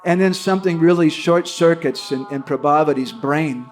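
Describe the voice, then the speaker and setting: A man's voice: on the high side, moderate pace, faint music behind. Man telling devotional stories animatedly. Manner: animated, frequently checks in with listeners. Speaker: devotional storyteller. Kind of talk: devotional storytelling talk.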